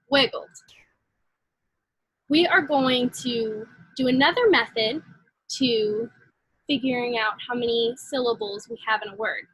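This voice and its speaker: A woman teaching a phonics lesson to young children, slow and encouraging. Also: high voice, fairly bright tone, slightly rough, no room sound, low-quality recording.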